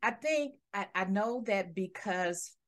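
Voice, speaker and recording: A woman's voice: medium pitch, expressive, slow pace, a bit bright. Chatty woman, Northern-Southern US accent. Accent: mix of Detroit and Southern US. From Detroit, Michigan. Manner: chatty, many "you know" fillers. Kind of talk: casual conversation.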